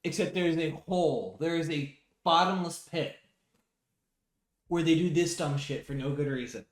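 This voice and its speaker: A man's voice: a little high, moderate pace. Analytical man in an echoey room. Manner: earnest and analytical, giving scores. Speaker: podcast co-host. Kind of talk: casual recap chat.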